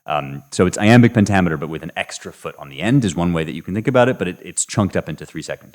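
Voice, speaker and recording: A man's voice: low voice, expressive, fast talker, few pauses. A man hosting a podcast, talking through poetry in a thoughtful, casual way with frequent restarts and hesitations. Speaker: podcast host. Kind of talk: casual literary commentary.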